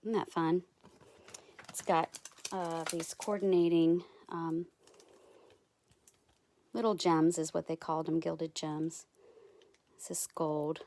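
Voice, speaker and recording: A woman showing craft supplies in a casual vlog, gushing and halting with many ums. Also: low voice, level tone, warm tone, slight background noise. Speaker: craft vlogger. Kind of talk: casual product show-and-tell.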